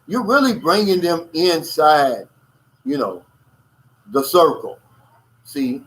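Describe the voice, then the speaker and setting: A man with a slightly higher-than-average voice hosts a casual livestream chat. He talks bluntly and emphatically, keeps calling his listeners "man," and stops to answer viewer comments. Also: fairly bright tone, low-quality recording. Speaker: channel host reading viewer comments.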